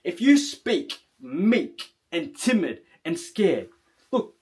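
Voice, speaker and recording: A man with a noticeably high-pitched voice gives a forceful self-improvement talk to camera. He speaks bluntly and emphatically, swears freely, and keeps checking in with a quick "right?". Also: very animated.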